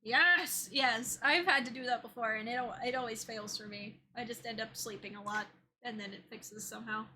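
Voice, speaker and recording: A woman's voice: a little high, moderate pace, pushed and bright. A woman streaming a game, chatting casually with her viewers and laughing easily. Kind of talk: casual gameplay chat.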